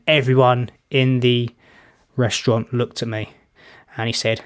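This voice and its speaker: A man's voice: medium pitch, little pitch movement, unhurried, clean tone. Chatty British man reacting. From Britain. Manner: chatty, rambling anecdotes with blunt opinions. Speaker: reaction video host. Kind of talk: casual reaction commentary.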